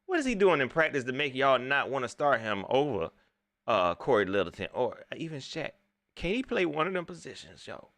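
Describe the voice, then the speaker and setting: A man, hosting a casual live sports talk show, animated and talking straight to his viewers as he reads their chat. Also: medium pitch, a little fast, dry recording. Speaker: sports talk livestream host.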